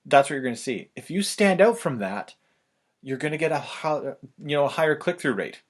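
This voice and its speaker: A man, talking fast and loosely with lots of fillers as he explains online marketing, a little out of breath. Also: fairly high pitch, animated. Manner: rapid, loose, filler-heavy delivery. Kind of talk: casual fast explainer talk.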